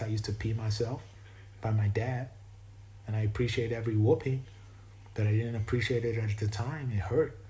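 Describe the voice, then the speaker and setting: Reflective and wandering, a man with a warm voice on the low side delivers a spiritual monologue, frequently stopping to restart sentences. His East Coast American accent is, by his own account, not perfect. The low-quality recording has slight background noise.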